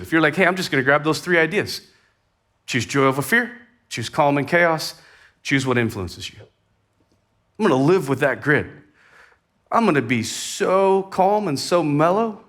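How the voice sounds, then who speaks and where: A pastor with a mid-range voice preaches conversationally in a church. His energy lifts suddenly at times, then drops to quiet, soft passages.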